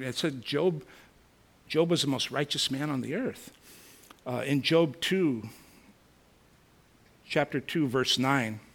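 A man's voice: medium pitch, creaky, fairly bright tone, husky. A man teaching a Bible lesson, earnest and musing, reading scripture aloud and reflecting on it. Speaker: preacher.

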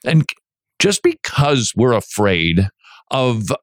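A man hosting a radio show, preaching in an animated way and acting out quotes in little voices. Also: mid-range voice, slow pace, dry recording. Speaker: radio host.

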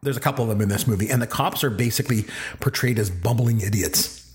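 A middle-aged man co-hosting a casual movie podcast, talking in an animated way and quoting lines in character. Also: on the low side, fast talker. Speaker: podcast co-host.

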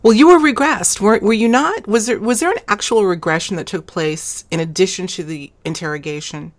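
A woman's voice: medium pitch, brisk. A woman interviewing a guest, probing with questions and thinking aloud.

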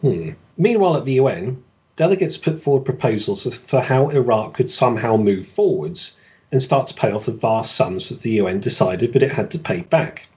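A man's voice: mid-range voice, expressive, moderate pace, darkish tone, muffled recording. A man hosting a podcast, reading a scripted history narration and breaking off for dry, sarcastic asides. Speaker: podcast host.

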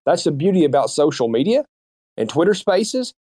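A man's voice: on the high side, very animated, normal speed, dark tone. Fired-up man ranting on a voice chat. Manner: fired-up, emphatic, repetitive. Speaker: guest speaker. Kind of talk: heated casual rant. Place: online audio chat room.

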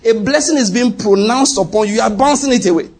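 A middle-aged male pastor delivers a sermon in a slightly husky, fairly high voice. He keeps asking whether the congregation is following him. When he leans into a point, he rises sharply in pitch. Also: fast. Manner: rhetorical questions to the congregation, rising pitch when emphatic.

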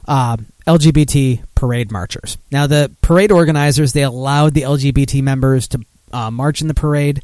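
A man's voice: mid-range voice, a little fast, a little mellow, no echo. A man hosting a podcast, ranting casually with lots of fillers and self-corrections. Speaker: podcast host.

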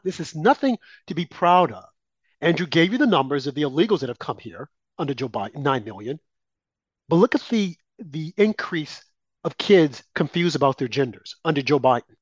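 A man's voice: a little high, dry recording. A male co-host delivering political talk commentary, indignant and full of rhetorical questions with mocking asides. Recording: dull lo-fi dry sound.

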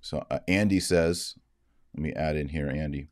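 A man with a very low, deep voice delivers earnest, moralizing commentary, reading out viewer comments along the way. The sound is close and dry, with no room behind it. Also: moderate pace, no echo. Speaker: Catholic commentator. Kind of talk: livestream commentary.

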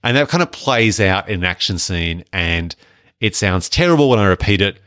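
A man's voice: deep voice, moderate pace, clean tone, dry recording, clean studio sound. A man co-hosting a podcast, chatting casually and jokily about films. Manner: chatty, animated, jokey. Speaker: podcast co-host. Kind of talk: casual film review chat.

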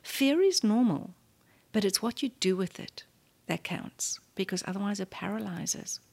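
A South African woman in her fifties, a guest telling a story in an interview. She speaks with animation and acts out the voices in her story. At moments her voice falls to a soft near-whisper. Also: medium pitch, animated, normal speed, vocal fry, breathy edge.

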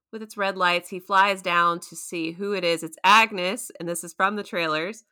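A woman co-hosting a podcast recaps a TV episode in casual chat, telling it with gusto in a bright, mid-range voice. She tells the story in an animated way, shifting her voice to act out the quotes.

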